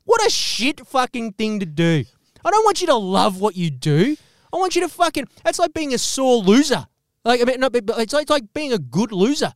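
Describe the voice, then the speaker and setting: An Australian man hosting a podcast, delivering a profane, animated comedic rant and swearing constantly. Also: very high voice, moderate pace, no echo, clean studio sound. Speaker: podcast host.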